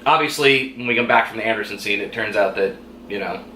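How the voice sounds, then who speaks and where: Male vlog host, rapid and bright, chatty reviewer acting out quotes; echoey room. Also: on the low side. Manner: fast, animated retelling with quoted lines and laughs. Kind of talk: casual chat. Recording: echoey room with faint noise.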